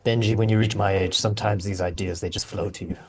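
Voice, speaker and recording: A man's voice: fairly low pitch, fairly even intonation, quick pace, gravelly, a little hiss or hum. A man chatting casually as a player in a tabletop role-playing game, playful and joking.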